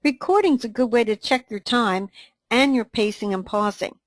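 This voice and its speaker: A woman co-presenting a training webinar, reading a scripted dialogue in an even, instructive way. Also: on the high side, moderate pace, no room sound.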